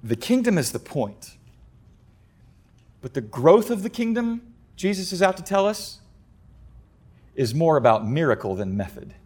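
Animated male preacher giving a sermon. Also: a little slow, pauses often, husky. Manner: animated, acts out quoted voices with sudden loud high bursts. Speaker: pastor.

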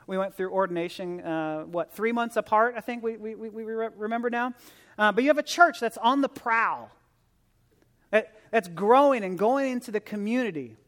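A man's voice: sits high, fairly bright tone. A man giving a sermon as a visiting preacher, earnest and conversational, often restarting and repeating words, rising to emphatic exhortation. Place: church sanctuary. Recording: long reverb of a large church hall.

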